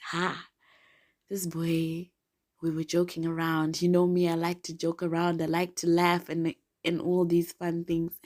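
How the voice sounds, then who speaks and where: A young Zimbabwean woman with a lowish, darkish voice hosts a podcast, telling a personal story in a casual monologue. She's playful, giggly and dramatic, slipping into whispers now and then.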